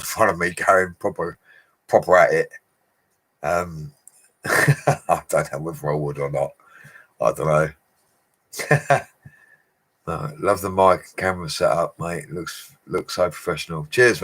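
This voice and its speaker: Low-voiced tradesman chatting on a livestream, matey and quick to laugh while reading comments. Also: fairly bright tone. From England. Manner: chatty, laughs often, talks to viewers as mates. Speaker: bricklayer livestreamer.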